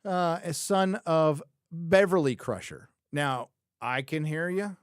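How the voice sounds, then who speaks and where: A man's voice: a little high, slow, clean tone, no room sound, clean studio sound. A man hosting a live review show, talking casually and opinionatedly, rambling and correcting himself and repeating lines for emphasis. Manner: opinionated, repeats his own phrases for emphasis; rambling, thinks aloud, frequent self-corrections. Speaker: show host reviewing a TV series. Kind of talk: casual livestream commentary.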